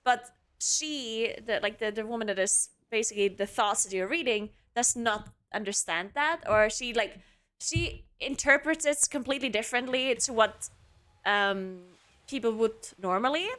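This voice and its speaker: A woman with a bright, fairly high voice chats casually to her stream viewers from home. She talks in loose, rambling runs, full of "like" and "um" and restarts, close on a desk mic. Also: moderate pace. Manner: chatty, many fillers and restarts. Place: home apartment.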